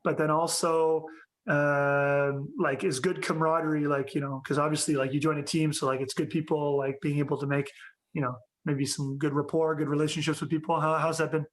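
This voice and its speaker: Casual, slightly high-voiced male host. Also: little pitch movement, fairly quick. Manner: casual, heavy on "like" and "you know". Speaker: podcast host. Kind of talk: casual interview.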